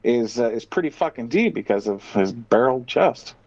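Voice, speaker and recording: A man's voice: medium pitch, expressive, normal speed, darkish tone, no room sound, muffled recording. A man co-hosting a podcast in casual chat, riffing bluntly and profanely in a rambling way. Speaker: podcast co-host.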